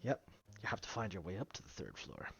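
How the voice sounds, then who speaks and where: A man running an online tabletop game as game master, pausing with ums and correcting himself as he explains. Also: sits low, wildly swooping pitch, creaky, a bit bright, soft background music. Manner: hesitant, lots of ums and self-corrections. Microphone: online voice call. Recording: dull lo-fi voice-call audio.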